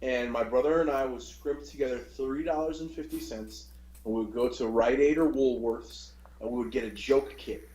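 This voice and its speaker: A man's voice: mid-range voice, normal speed. Profane man telling a story, roomy. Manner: profane, animated, acts out voices in anecdotes. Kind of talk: casual storytelling. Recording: roomy, dull lo-fi sound.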